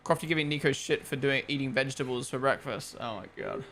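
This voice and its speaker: A fast, bright, forceful mid-range male voice, with slight background noise behind it. He's a young Australian or New Zealander streaming a race watchalong through a gaming headset, chatting casually, rambling, opinionated and freely swearing.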